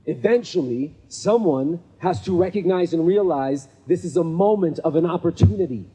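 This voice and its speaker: A fairly high, husky man's voice, mellow in tone, telling stories to an audience at a gathering. He talks casually, often checks in with "right?" and plays out each person in his stories. The sound carries a long hall reverb. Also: lively intonation, normal speed. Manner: conversational, checks in with 'right?' often; acts out the people in his stories. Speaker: speaker at a men's gathering. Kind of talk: storytelling motivational talk. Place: event venue with a live audience.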